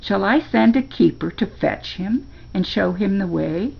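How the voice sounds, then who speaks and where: An older woman reading a storybook aloud and voicing a smooth, manipulative male ruler who speaks in a slow, knowing, falsely kind way. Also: mid-range voice, animated, muffled recording, heavily acted.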